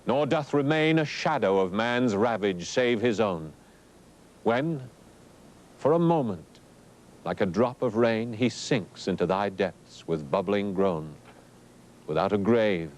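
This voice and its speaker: A man reciting verse in a measured, solemn way. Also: on the low side, a little mellow. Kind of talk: poetry recitation.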